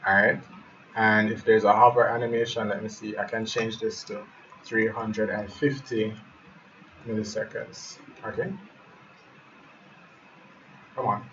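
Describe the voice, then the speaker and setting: A man's voice: on the low side, little pitch movement, a little slow, pauses often, a bit bright. A man talks viewers through a live website build, thinking aloud and calling them guys as he clicks through settings. He sits a little way back from the mic, so he sounds distant. The sound is dull, with a faint hiss underneath. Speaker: web design tutor. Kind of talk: live screen-share tutorial.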